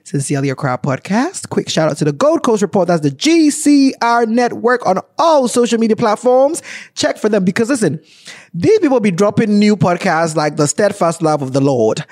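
A woman's voice: mid-range voice, expressive, normal speed, a little mellow, no room sound, clean studio sound. A woman hosting a podcast and wrapping up the episode in a chatty, upbeat, playful way. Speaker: podcast host. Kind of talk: casual podcast outro.

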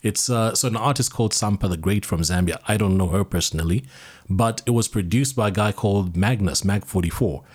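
Low-voiced male podcast host. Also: fairly quick, slightly rough. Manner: eager, with frequent "yeah, yeah" backchannels. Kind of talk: casual podcast interview.

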